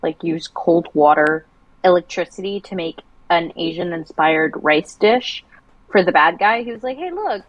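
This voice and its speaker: Woman streamer, animated storyteller in casual chat, dry close mic. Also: lowish voice, moderate pace, dry recording, lo-fi sound. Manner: chatty, animated storyteller with many restarts. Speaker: livestream co-host.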